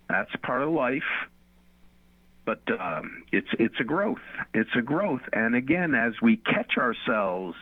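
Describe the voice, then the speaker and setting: A man's voice: lowish voice, no echo. A man on a Christian radio show, earnestly teaching and repeating phrases for emphasis. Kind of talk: conversational faith talk on radio. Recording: phone-like radio line.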